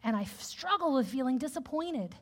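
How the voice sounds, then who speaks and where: A woman preacher giving a sermon in a candid, conversational, animated way. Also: high-pitched, brisk. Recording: echoey hall with long reverb.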